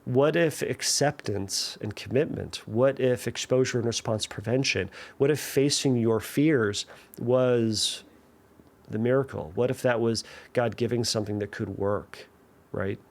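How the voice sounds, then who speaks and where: Man, podcast host, casual chat, filler-heavy, restarts, mid pitch. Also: unhurried. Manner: conversational, many fillers and restarts, tells jokes with animated voices.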